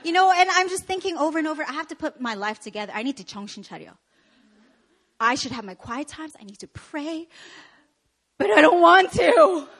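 Woman preacher from Canada, high pitch, animated and laughing at herself in the pulpit. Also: quick pace. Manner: animated, laughing, self-deprecating. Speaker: pastor. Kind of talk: sermon with personal stories.

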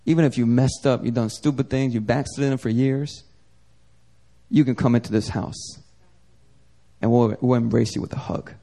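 A young man preaching a sermon as pastor, talking casually, climbing to emphatic peaks and dropping soft and low. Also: fairly even intonation, moderate pace, long pauses.

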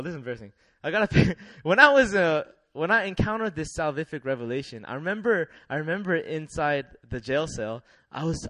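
A young man preaching a sermon in a lively, laughing way, leading the congregation in call-and-response. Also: a little high, no echo.

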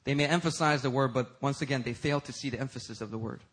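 Forceful, husky-voiced preacher man. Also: quick pace. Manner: forceful preaching, swinging from loud emphatic peaks to low intense passages. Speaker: pastor. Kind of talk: sermon.

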